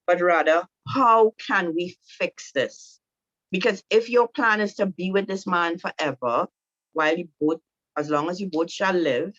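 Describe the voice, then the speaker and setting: Direct female instructor, low-pitched, talking to a group of women; muffled, dry sound. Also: a bit bright, no echo. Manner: direct, repetitive, coaching with rhetorical "right?". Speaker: marriage teacher.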